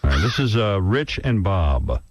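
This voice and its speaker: A man with a low voice hosts a radio show from the studio. His pitch rolls up and down with animation, and he tosses off wry, casual comments between clips. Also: big pitch swings, a little slow, slightly rough. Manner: wry, offhand reactions to played tapes.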